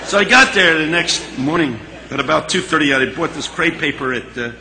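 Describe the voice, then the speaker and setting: A man telling a story in a sermon, animated and dramatic, dropping into a hush at the tense moments. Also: fairly high pitch, brisk, noisy background. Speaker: speaker.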